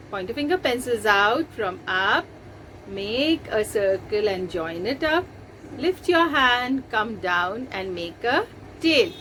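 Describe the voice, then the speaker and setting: A woman, teaching letters to young children in a slow, patient, step-by-step way. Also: on the high side, a bit bright, slight background noise. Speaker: nursery teacher. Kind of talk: recorded lesson for young children.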